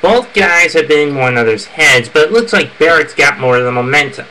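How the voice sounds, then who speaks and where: A man's voice: fairly high pitch, expressive, a little fast, sharp tone, slight background noise, rough recording. A man giving his fight predictions in a casual monologue, opinionated and prone to heated rants. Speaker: wrestling fan giving event predictions. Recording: music playing under the voice.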